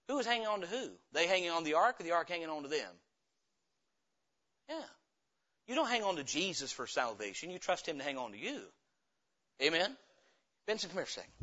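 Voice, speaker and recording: A man preaching a sermon, swinging from loud, emphatic lines to low, quiet ones. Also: big pitch swings, fairly quick, long pauses, dull audio. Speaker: pastor. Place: church sanctuary.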